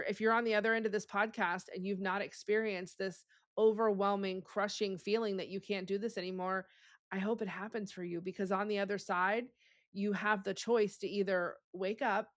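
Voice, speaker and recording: A woman's voice: medium pitch, dry recording, clean studio sound. A woman hosting a podcast, talking in an earnest, emphatic way and repeating words for stress. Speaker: podcast host. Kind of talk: casual conversation.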